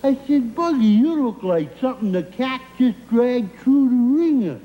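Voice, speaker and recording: A man's voice: extremely high pitch, lively intonation, a little slow, roomy sound, lo-fi sound, slight background noise. A man in a comedy sketch telling rambling stories and breaking into giggles, recorded on old TV audio with audience laughter. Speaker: comic sidekick character.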